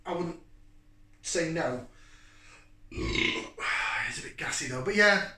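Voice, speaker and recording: Casual host thinking aloud with fillers; sharp, forceful tone, recorded off-mic. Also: male voice, on the high side, animated, takes it slowly. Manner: rambling and chatty, thinking aloud with many fillers. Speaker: beer reviewer and channel host. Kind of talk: casual beer review to camera. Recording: echoey room, mic at a distance.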